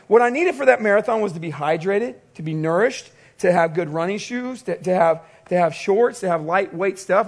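High-voiced man preaching a sermon. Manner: storytelling, animated, quotes others. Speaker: pastor. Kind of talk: sermon with personal story.

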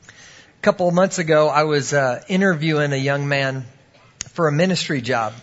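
Brief: male pastor mid-sermon, storytelling with animated quoted voices, slightly high, muffled lo-fi recording. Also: moderate pace.

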